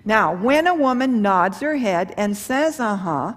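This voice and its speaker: A middle-aged woman giving a live seminar on marriage and communication, talking folksy and animated, with rhetorical questions and acted-out quotes. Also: fairly high pitch, measured pace. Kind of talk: seminar talk to a live audience. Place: large hall or church with an audience. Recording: live hall with long reverb.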